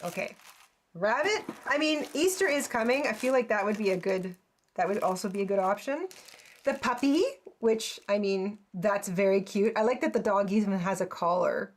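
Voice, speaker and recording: In a mid-range voice at a moderate pace, a woman runs a casual unboxing on her crafting channel. She raves about each piece as she goes, exclaiming often and laughing softly.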